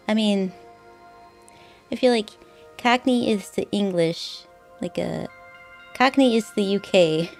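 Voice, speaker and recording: A woman streamer chats casually while she plays a game, thinking aloud. Her voice sits a bit low. Faint game music plays under her talk. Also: a little mellow. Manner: chatty, thinking aloud with fillers and laughs. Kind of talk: casual gameplay commentary.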